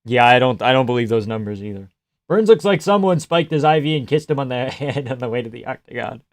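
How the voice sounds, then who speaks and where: A man calls a fight live on a stream, cracking profane jokes, laughing often and shouting at big shots. His voice sits at an ordinary middle pitch, and it sounds dry and close, with almost no room around it. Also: lively intonation, quick pace, dry recording. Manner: reacts loudly to big shots. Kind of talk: casual live fight reaction commentary.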